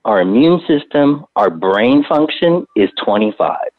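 A man who works as a hospice doctor, calmly explaining things in a conversation. He often repeats words while he gathers his thoughts. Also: medium pitch, unhurried, dry recording. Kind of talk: casual interview conversation. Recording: tinny phone-line audio.

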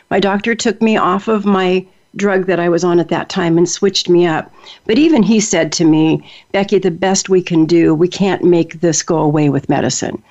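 A woman's voice: lowish voice, darkish tone. Woman host talking earnest and personal, lots of ums, muffled lo-fi audio. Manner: earnest, personal, with fillers and restarts. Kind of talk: casual talk show hosting. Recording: dull lo-fi sound.

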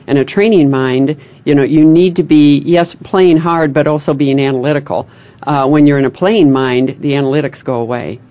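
A woman guest coach explaining ideas on a talk show, measured and explanatory, with frequent fillers. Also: deep voice, mellow. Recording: dull lo-fi radio sound.

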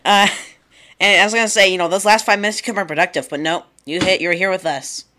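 A teenage boy co-hosts a kids' radio show in a loose, joking way, often trailing off mid-thought and laughing. His voice has a bright, crisp edge. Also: high-pitched, steady tone, fast. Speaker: co-host. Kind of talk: goofy casual chat.

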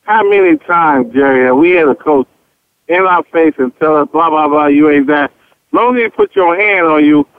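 Higher-voiced man on tinny radio. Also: moderate pace, clean tone. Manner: animated, asks questions, retells conversations. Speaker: sports talk show co-host, former player. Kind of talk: casual radio sports talk. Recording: dry, tinny phone-like radio sound.

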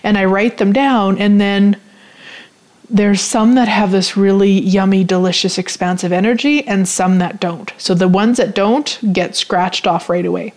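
A woman's voice: mid-range voice, fairly even intonation, unhurried, a little mellow. A woman hosting a talk radio show, speaking casually in a meandering way, with frequent restarts and little laughs. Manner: meandering, giggly, with many restarts. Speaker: host.

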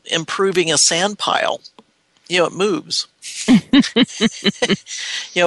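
A radio co-host in a reflective talk show chat, speaking thoughtfully with pauses and restarts. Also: mid-range voice, creaky, sharp tone, dry recording.

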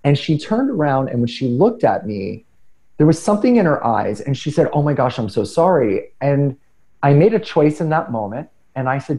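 A middle-aged man telling personal stories in casual conversation, earnest and animated, often restarting his sentences. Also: a little high, moderate pace, low-quality recording. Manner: animated, earnest, self-deprecating with frequent restarts. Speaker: podcast guest speaker.

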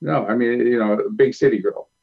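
A male film director speaking as a talk show guest, calm and measured as he recounts stories. His voice sits at a middle pitch. The sound is slightly dull and lo-fi. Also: creaky, slightly rough. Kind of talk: interview storytelling.

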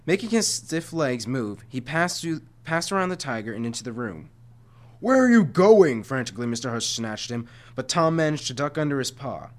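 A man's voice: medium pitch, animated, a little fast, hardly any pauses, a bit bright. Man reading a storybook aloud. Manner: frequent stumbles and self-corrections. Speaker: reader reading a chapter book aloud to listeners.

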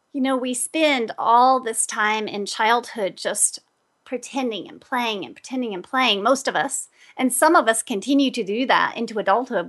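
A woman hosting an advice talk, telling personal stories in an animated way and laughing often. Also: on the high side. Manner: animated, laughs often, acts out quoted voices. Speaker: host, energy healer.

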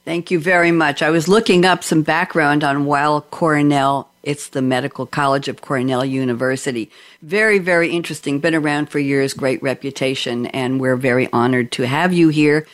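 A woman hosting a podcast and interviewing guests over a video call, chatty and lively. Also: low-pitched, normal speed. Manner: chatty, lively and often amused. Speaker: podcast host.

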